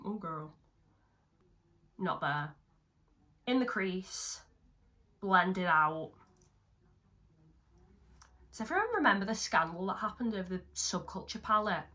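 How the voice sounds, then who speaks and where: A woman's voice: on the low side, bright, forceful tone. A young woman doing a makeup tutorial at home, chatting casually, mocking herself and swearing now and then. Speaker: makeup vlogger. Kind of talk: casual chat. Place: at home, seated.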